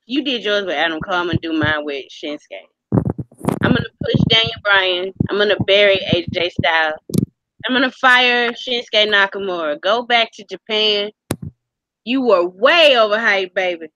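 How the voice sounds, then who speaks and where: A woman's voice: mid-range voice, normal speed, bright, forceful tone, lo-fi sound, slight background noise. A woman co-hosting a podcast in casual chat, leading the segment with upbeat exclamations. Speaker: podcast co-host.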